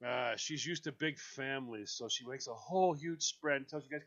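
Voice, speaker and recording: A man's voice: medium pitch, moderate pace, highs cut off. A man hosting a radio show, chatting casually and telling a long story, acting out the lines of the people in it. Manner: animated storyteller, acting out quoted voices. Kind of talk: casual chat on a call-in show.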